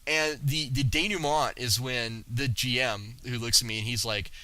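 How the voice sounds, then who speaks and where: A man in his forties, a podcast guest, telling stories in a lively way with many stammers and restarts. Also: mid-range voice, normal speed, few pauses, no echo, rough recording. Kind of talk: casual storytelling.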